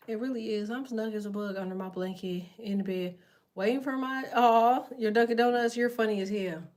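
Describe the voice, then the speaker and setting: A woman chats loosely with her livestream viewers from under a blanket in bed. Her talk is blunt, profane and full of slang, and she drifts from topic to topic. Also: lowish voice. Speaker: tarot livestream host. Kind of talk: casual livestream chat with viewers. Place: in bed at home.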